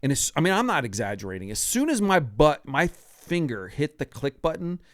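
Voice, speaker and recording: A podcast host in his sixties tells a story from his own life, casual and animated, acting out quoted lines and laughing often. His voice runs on the high side at a moderate pace. The sound is studio quality with no echo.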